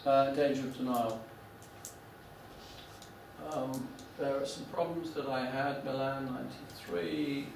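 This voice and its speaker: Halting male lecturer in an echoey room. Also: medium pitch, steady tone, a little hiss or hum. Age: 40s. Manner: halting, many restarts and fillers. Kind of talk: classroom lecture with anecdotes. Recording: echoey room, mic from a distance.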